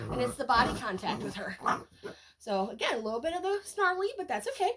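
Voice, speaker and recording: A woman dog trainer chatting casually as she demonstrates a game with her puppy, breaking into bright sing-song praise for the dog. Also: sits high, sing-song, fast, heavy background noise.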